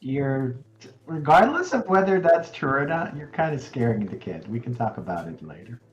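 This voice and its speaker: A man's voice: mid-range voice, big pitch swings, normal speed, highs cut off. A man playing a tabletop game, talking reasonably and a bit rambling. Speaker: player.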